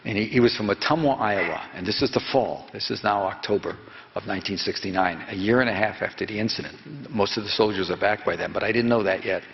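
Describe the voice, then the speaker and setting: In a dull, lo-fi recording from an echoing hall with slight background noise, a U.S. investigative journalist in his seventies spins a long, digressive story for an audience. He talks fast in a fairly low voice, frequently backtracking and correcting himself.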